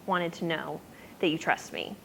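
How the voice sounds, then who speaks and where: God as a calm, matter-of-fact speaker, as a woman quotes him. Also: low-pitched, a little slow, vocal fry, a little hiss or hum, pitched below the performer's own voice, heavily acted, rough recording. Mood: reassuring. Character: God, a patient reassuring divine speaker.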